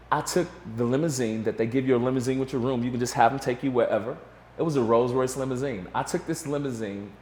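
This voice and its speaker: Man telling a story in an echoey room. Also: mid-range voice. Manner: animated storytelling, acts out voices of others. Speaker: interview guest. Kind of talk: storytelling interview. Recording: echoey room with faint ambience.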